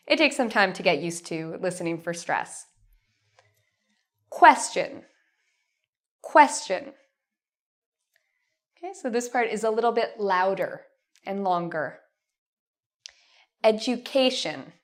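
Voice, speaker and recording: A woman teaching a pronunciation lesson, stretching out model words slowly and clearly for learners. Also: medium pitch, lively intonation, a bit bright. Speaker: English teacher.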